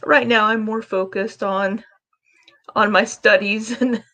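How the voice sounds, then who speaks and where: Woman player, slow and hesitant, vocal fry. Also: mid-range voice, steady tone, bright, forceful tone. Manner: hesitant, polite, stumbling. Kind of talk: in-character tabletop play.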